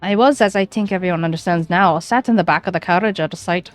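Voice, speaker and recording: A woman voicing a chatty, rambling Irish gentleman witness in a put-on Irish accent, full of folksy phrases, over faint game music. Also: fairly low pitch, fast talker, dry recording, natural voice. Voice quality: lilting, folksy turns of phrase.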